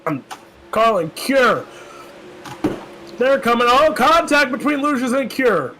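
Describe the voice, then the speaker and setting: A man with a notably high voice calls an online dirt sprint car race, rattling off positions in quick play-by-play. He mixes jokes into the commentary. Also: big pitch swings, pushed and bright, slight background noise, poor audio. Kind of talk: sim racing play-by-play commentary.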